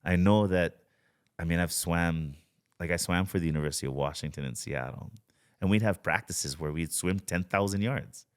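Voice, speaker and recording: A man, a guest on a podcast, speaking in a relaxed storytelling way with a lot of "you know" and "like.". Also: low-pitched, normal speed. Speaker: guest, spearfisher. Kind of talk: casual podcast conversation.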